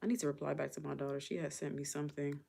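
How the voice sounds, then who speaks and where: A middle-aged woman with a low voice chats on a live stream in a loose, casual way. She muses aloud and drifts from one thought to the next. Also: little pitch movement, very fast, creaky, warm tone. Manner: chatty, musing aloud, drifts between topics. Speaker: vlogger.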